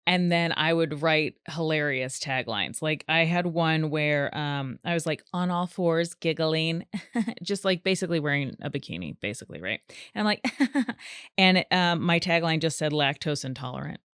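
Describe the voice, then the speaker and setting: Woman doing a solo funny podcast, chatty, acts out voices, lowish voice, dry close mic. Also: expressive, moderate pace, fairly bright tone, smooth, no room sound. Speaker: podcast host. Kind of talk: solo comedic podcast monologue.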